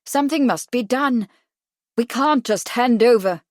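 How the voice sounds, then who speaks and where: A woman voicing an agitated, pompous young gentleman who talks in an insistent, commanding way. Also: a little high, unhurried, dry recording, clean studio sound, voice pushed up, natural voice.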